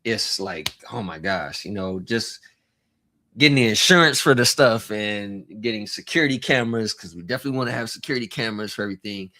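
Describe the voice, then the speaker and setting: A man hosting a casual livestream, talking in a rambling, halting way and greeting chat viewers by name with chuckles. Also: fairly low pitch, expressive, pushed and bright. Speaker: livestream host.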